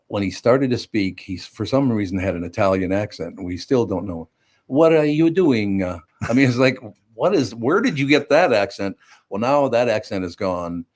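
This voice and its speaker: Older male radio host, very low voice, teasing storyteller. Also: animated, moderate pace. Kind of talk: casual radio chat.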